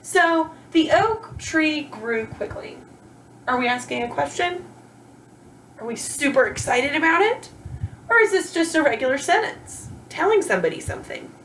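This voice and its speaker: Animated woman teaching a grammar lesson. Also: sits high, moderate pace, a little hiss or hum, poor audio. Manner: animated, encouraging, asks rhetorical questions.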